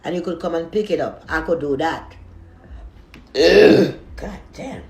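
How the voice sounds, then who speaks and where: A man's voice: a little high, fairly quick, a little mellow. Chatty man talking while eating. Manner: chatty and rambling, talks with his mouth full between bites. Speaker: food vlogger. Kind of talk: casual eating vlog talk. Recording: echoey room.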